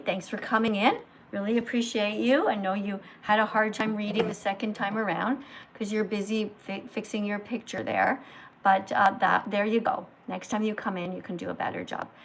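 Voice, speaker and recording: A woman hosting a livestream, lecturing slowly and emphatically like a teacher. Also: medium pitch, creaky, a little hiss or hum. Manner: slow, emphatic teacher-like delivery. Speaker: livestream host.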